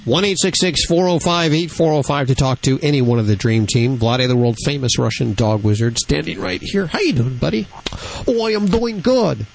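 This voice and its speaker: A man's voice: medium pitch, animated, brisk, gravelly, few pauses, low-quality recording. A man hosting a radio call-in show, playful and joking.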